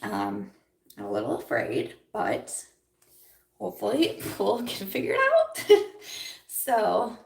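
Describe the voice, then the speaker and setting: A woman's voice: mid-range voice, huge pitch swings, slow, gravelly, pauses often, far from the mic. A young woman chatting casually in a livestream while doing her makeup, rambling with lots of fillers and nervous laughs. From Iowa. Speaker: beauty vlogger. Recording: roomy echo, voice a little off mic.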